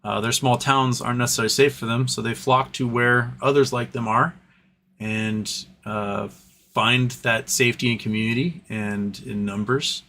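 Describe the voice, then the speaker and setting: A man's voice: mid-range voice, steady tone, moderate pace, bright, forceful tone, slight background noise. A man hosting a casual livestream, reading chat messages aloud and answering them in an earnest, rambling way with frequent restarts.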